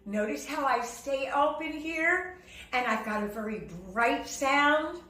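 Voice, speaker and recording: A woman vocal coach teaching a singing lesson, talking in a lively, demonstrative way and breaking into sung and shouted examples. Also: high-pitched, takes it slowly. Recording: roomy sound, slightly distant from the mic.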